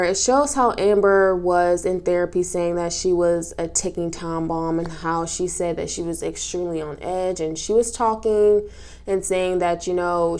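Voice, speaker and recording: A woman's voice: on the low side, a little mellow. A woman chatting casually as she recaps a reality show, emotional and sniffling through tears, with lots of fillers and restarts. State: tearful, sniffling. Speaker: recap vlogger.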